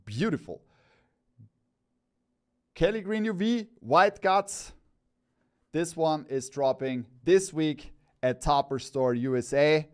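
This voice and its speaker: An excitable man hosts a live stream showing off products, his voice pitched a little higher than most men's. He rambles with enthusiasm, piling up praise and repeating himself as he goes from one item to the next. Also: slow pace, pauses often. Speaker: cap store host.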